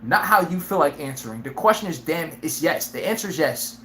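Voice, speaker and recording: Brash, laughing live sports-stream host. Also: male voice, on the high side, fairly quick, reverberant, a little hiss or hum. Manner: brash, animated, laughs often, acts out players' lines. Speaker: sports talk show host.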